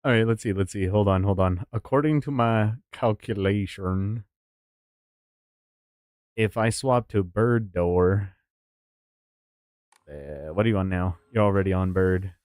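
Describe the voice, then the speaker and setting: Guy streaming a horror game, talks loose and animated, swears a lot, laughs, dry close mic. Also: low-pitched, moderate pace, no room sound. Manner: animated, swearing, laughs often, jumps into voices. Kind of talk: casual gaming stream chat.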